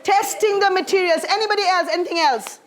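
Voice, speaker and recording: A woman's voice: extremely high pitch, quick pace, a faint crowd. A woman teaching a primary school science class, encouraging her pupils and calling them darling as she leads a clean-up and a discussion.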